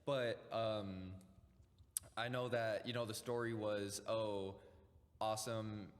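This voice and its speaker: An excitable young man talks about wrestling as a podcast guest. He swears freely and laughs easily as he speaks. His voice has a long reverb around it. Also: lowish voice, takes it slowly. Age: young adult. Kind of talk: casual chat.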